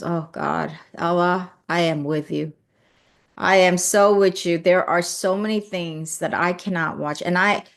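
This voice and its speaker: Earnest woman hosting a live stream. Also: on the low side. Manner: earnest and emotive, repeats phrases. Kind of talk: casual live-stream talk to viewers.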